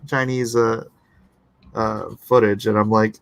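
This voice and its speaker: A man's voice: fairly low pitch, level tone, slow, gravelly, dry recording. A man hosting a casual livestream, reading chat comments aloud and answering them with rambling, sarcastic talk and frequent laughter. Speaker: livestream host and artist.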